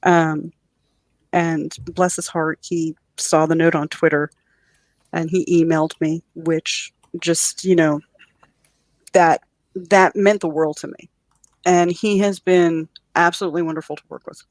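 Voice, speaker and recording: A woman writer as a guest on a podcast, telling an excited story about her audiobook. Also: deep voice, unhurried, no echo. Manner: animated storyteller. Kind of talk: podcast interview.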